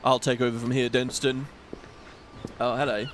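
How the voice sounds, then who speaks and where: A man's voice: medium pitch, flat delivery, normal speed, a little hiss or hum. A man hosting a casual gaming video, chatting and rambling as he plays and sometimes laughs. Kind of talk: casual let's-play commentary. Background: game music.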